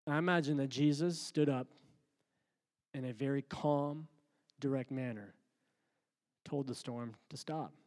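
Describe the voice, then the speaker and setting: A man preaching a sermon, moving between calm, quiet talk and loud, rising passages. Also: mid-range voice, measured pace, pauses often, long reverb tail. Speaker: pastor.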